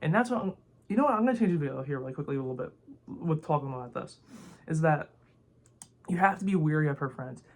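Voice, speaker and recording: A young man ranting to camera in a rambling, heated way, full of filler words and swearing. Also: fairly high pitch. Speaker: vlogger. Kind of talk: casual opinion rant to camera.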